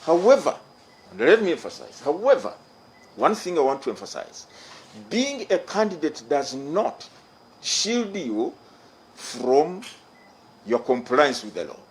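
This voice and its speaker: A man's voice: a little high, big pitch swings, unhurried, long pauses, a little hiss or hum, poor audio. Formal Ugandan man addressing the press. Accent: Ugandan English. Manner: formal, emphatic, repeats key phrases. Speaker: electoral commission chairman. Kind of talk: press conference statement.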